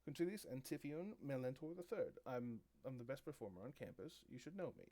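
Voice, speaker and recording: A conceited young performer who talks down to everyone , as a man puts him on for a tabletop game. The manner is pompous and self-satisfied, at a middle pitch. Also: lively intonation, a little fast, dark tone, close to an everyday voice. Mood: condescending. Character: arrogant young male performer student, showy.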